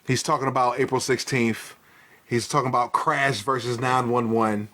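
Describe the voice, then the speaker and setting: A man's voice: medium pitch, fairly even intonation, normal speed, bright, forceful tone. A man co-hosting a casual wrestling review podcast, swearing freely, laughing often and acting out wrestlers' lines. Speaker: podcast co-host.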